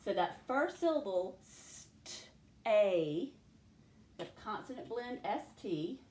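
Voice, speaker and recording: A woman's voice: on the high side, animated, a little mellow, roomy sound, slight background noise. A woman teacher taking young pupils through a phonics lesson, sounding out and stretching words. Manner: slow, stretched-out word sounding.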